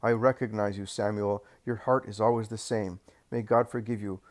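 Simon, a man doing a calm, stern disciple. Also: lowish voice, natural voice. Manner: calm, measured. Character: calm, dignified older male disciple.

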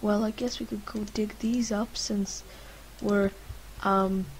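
A woman's voice: medium pitch, steady tone, slow, a little hiss or hum, rough recording. Chatty young woman rambling over a game. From Lithuania. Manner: rambling and chatty, talking to her game characters with many fillers. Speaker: gaming vlogger. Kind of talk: casual let's-play commentary.

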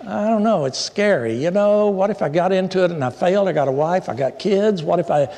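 A preacher playing an anxious office worker. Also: male voice, sits high, lively intonation, brisk, creaky, warm tone, pitched above the performer's own voice. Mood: earnest, anxious. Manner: earnest, doubting himself. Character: worried male office worker dreaming of business. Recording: echoey church hall.

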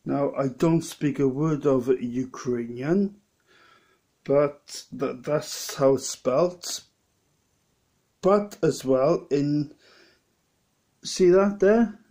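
A Welsh man with a somewhat high, dark-toned voice, a lay preacher vlogger, tastes a beer in a casual vlog. A bit drunk, he rambles and halts, restarting his sentences many times.

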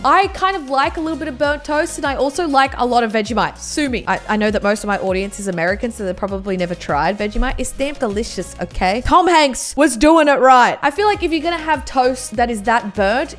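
High-voiced woman reacting animatedly. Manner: animated, exclaiming, swears freely. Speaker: YouTuber. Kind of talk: casual reaction commentary.

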